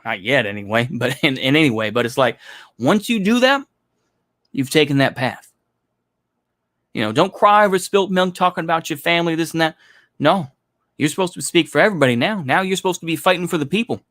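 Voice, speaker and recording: A man's voice: fairly high pitch, fairly bright tone, dry recording, clean studio sound. A man delivering a blunt, profane opinion monologue in a casual, rambling way, with lots of filler phrases. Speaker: commentary channel host.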